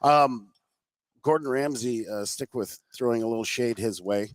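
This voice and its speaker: A man's voice: medium pitch, normal speed, dry recording. A man working as a restaurant chef, explaining dishes in a friendly, hesitant way with many fillers.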